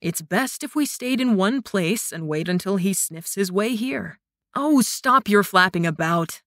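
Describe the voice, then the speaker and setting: A woman's voice: mid-range voice, animated, a little slow, a bit bright, no echo, clean studio sound. A woman voicing a playful, injured young male warrior who mumbles lazily and hams up his pain. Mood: teasing. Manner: lazy, mumbling, mock-dramatic.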